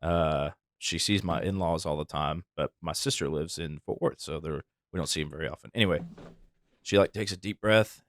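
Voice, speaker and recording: A man's voice: rumbling low, normal speed, no echo, studio quality. A man hosting a casual podcast, telling stories in an easygoing way and laughing often. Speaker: podcast host, firefighter. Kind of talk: casual chat.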